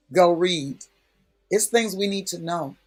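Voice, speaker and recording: A man with a husky, slightly breathy voice pitched a little high preaches in a relaxed, conversational way. He leans on repetition and punchy emphasis to drive each point home. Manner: folksy, emphatic, repeats key phrases. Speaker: prayer speaker. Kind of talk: conversational preaching in a prayer session.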